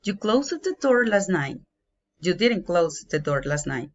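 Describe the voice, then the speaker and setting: A woman with as her teaching an English grammar lesson, slowly and carefully, spelling out each example. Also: on the low side, big pitch swings. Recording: dull lo-fi home recording.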